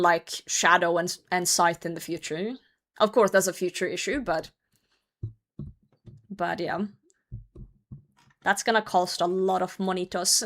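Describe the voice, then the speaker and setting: A woman's voice: medium pitch, fairly bright tone. A woman streamer chatting casually with her viewers while she plays, laughing often and swearing lightly. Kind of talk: casual livestream chat while gaming.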